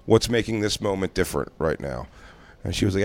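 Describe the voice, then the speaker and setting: A man casually chatting on a podcast, telling a story in an animated way, acting out dialogue and swearing freely. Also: sits low, fairly quick.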